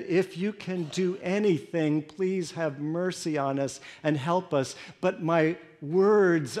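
Man preaching an emotional first-person sermon. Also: fairly high pitch. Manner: emotional, moving between hushed storytelling and pleading intensity. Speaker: pastor.

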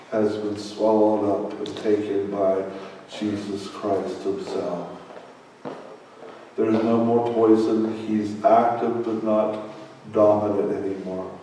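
A man's voice: on the low side, mellow, slight background noise. A man preaching a sermon as pastor, telling a story with laughs and repeated words. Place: church hall. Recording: echoey hall, mic far off.

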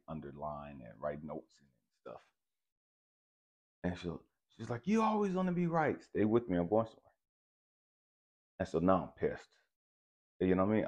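A man telling a personal story to the camera in an animated, profane, emphatic way. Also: rumbling low, breathy edge, dull audio. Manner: animated, profane, keeps saying "stay with me, I'm going somewhere". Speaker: channel host.

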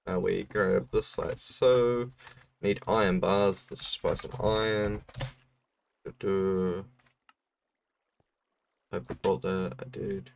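A young man chats through his gameplay in an easygoing, slightly low voice, walking a viewer through a build and laughing as he goes. He sounds a little set back from the microphone. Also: steady tone, slow, vocal fry, pauses often, distant mic. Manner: laid-back explaining, laughs often. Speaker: streamer. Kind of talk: casual gameplay commentary.

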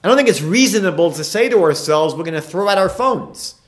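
A man's voice: sits high, animated, fairly quick. A man, a rabbi giving a lecture, retelling Talmud stories and asking emphatic rhetorical questions. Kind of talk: recorded lecture.

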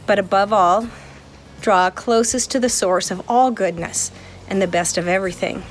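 Earnest woman giving a formal family blessing. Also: medium pitch. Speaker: aunt giving a graduation message. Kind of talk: prepared heartfelt video message.

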